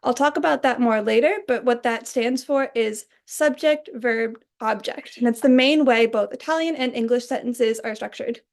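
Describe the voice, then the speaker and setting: A young adult woman giving a recorded class presentation, explaining points in a clear, orderly way. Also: a little high, moderate pace, hardly any pauses. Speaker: student presenter.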